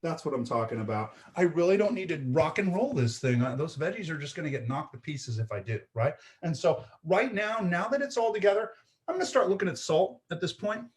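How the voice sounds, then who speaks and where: A man's voice: a little high, lively intonation, fairly quick. A man hosting a live home cooking show, chatting casually as he explains each step and often checking in with "right?" and "okay?". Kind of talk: live-streamed cooking demonstration. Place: home kitchen.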